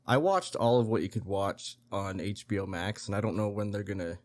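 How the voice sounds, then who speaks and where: Man, co-host, low-pitched, relaxed, rambling friend-chat delivery. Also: brisk. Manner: laid-back, rambling with lots of "like". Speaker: podcast co-host. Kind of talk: casual chat.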